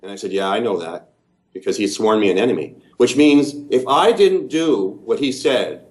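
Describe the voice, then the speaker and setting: A man's voice: lowish voice, animated, moderate pace. A Canadian man giving a long, detailed, earnest first-person account in an interview. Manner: earnest, detailed, methodical storytelling.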